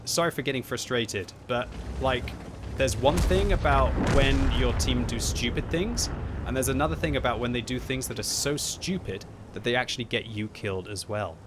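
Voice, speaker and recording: A man giving live gameplay commentary at home, thinking aloud and breaking into loud frustrated yelling. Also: medium pitch, moderate pace. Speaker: gaming video host. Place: upstairs room at home. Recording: steady game noise behind the voice.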